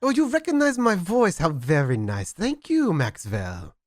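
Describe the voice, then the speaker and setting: A man voicing a pompous, falsely fond male vampire sire in a loud, theatrical put-on German accent. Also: huge pitch swings, measured pace, no room sound, clean studio sound, exaggerated voice. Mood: gushing. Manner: loud, theatrical, high and swooping.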